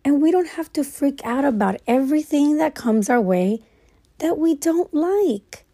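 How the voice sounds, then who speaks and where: Slow, mellow woman musing from bed. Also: high-pitched, lively intonation. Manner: casual, rambling, swears freely, talks through her own thoughts. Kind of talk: late-night reflective monologue. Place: lying in bed at night.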